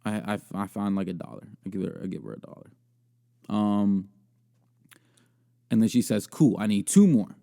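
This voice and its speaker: Crude rambling young man, mellow voice. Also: fairly low pitch, fairly even intonation, normal speed, creaky, pauses often. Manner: rambling, crude, self-mocking, laughs often. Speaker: podcast host. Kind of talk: casual comedic storytelling and video commentary.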